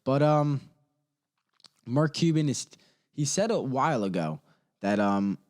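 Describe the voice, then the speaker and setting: A man hosting a comedy podcast, ranting casually in slangy, rambling talk that swings between loud outbursts and low mutters. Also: lively intonation, unhurried. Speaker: podcast host.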